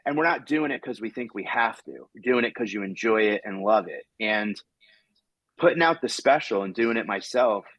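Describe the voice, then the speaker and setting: A male comedian hosting a podcast, talking in a rambling, animated way and acting out quoted exchanges as he tells a story. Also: lowish voice, normal speed, dry recording, low-quality recording. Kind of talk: casual chat.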